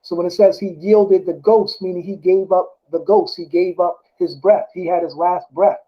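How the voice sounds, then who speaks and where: Casting note: high-voiced man, rambling scripture talk, dull lo-fi sound. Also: fairly even intonation, normal speed. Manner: rambling, self-correcting, often asks "you know what I'm saying?". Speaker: speaker discussing scripture. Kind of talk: casual religious talk, reading verses aloud. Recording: dull lo-fi recording.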